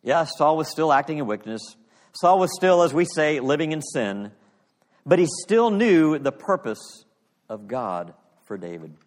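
A male pastor delivering an earnest sermon, reading scripture with dramatic pauses. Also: fairly high pitch, sing-song, in a large hall.

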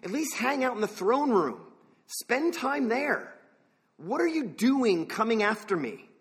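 A man's voice: very high-pitched, big pitch swings, unhurried, husky, voice pushed up, heavily acted. A man voicing David, a young future king, pleading with urgent questions.

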